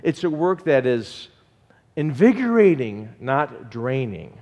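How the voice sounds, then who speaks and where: A man preaching a sermon in an animated way and asking the congregation questions. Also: mid-range voice, takes it slowly, long reverb tail. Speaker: pastor.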